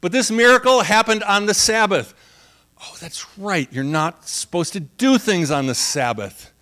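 Male pastor, high voice, chatty and funny, sermon delivery. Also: animated, measured pace, sharp tone. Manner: conversational, humorous, laughs often.

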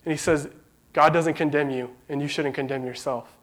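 A man delivers a sermon in an earnest, conversational way, speaking from the heart. He sounds emotional, holding back tears, and his voice sits slightly higher than most men's. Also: steady tone, moderate pace. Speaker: preacher.

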